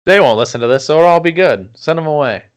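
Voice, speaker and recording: Low-key man hosting a podcast. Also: lively intonation, fast. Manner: brief murmured agreements, low-key. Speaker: podcast host. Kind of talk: casual podcast chat.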